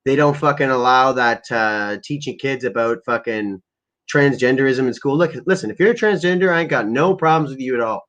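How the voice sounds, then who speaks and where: A man's voice: medium pitch, a little fast, fairly bright tone. A man ranting crudely and rambling on a casual livestream while stoned, as he sets up prank calls. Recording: lo-fi muffled recording.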